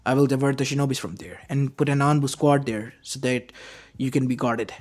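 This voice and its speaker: A man voicing a measured old village leader. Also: mid-range voice, darkish tone, close to an everyday voice. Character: aging male village leader, measured and cautious. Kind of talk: fan story narration. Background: faint lo-fi music.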